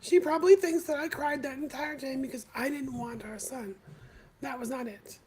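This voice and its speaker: A woman hosting a podcast live stream, telling her own story in a candid, confessional way with halting pauses. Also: high-pitched, steady tone, a little mellow, slight background noise, low-quality recording. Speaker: podcast host.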